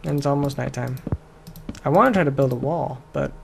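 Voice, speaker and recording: A man's voice: medium pitch, creaky, background noise. A man hosting a casual game let's play with a joking, rambling, self-mocking way of talking into a desk mic. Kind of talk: casual gaming commentary.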